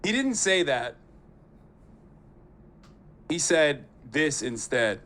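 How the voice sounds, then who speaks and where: A man streaming live, giving casual reaction commentary in a sarcastic, profane, animated way. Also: fairly high pitch, very slow.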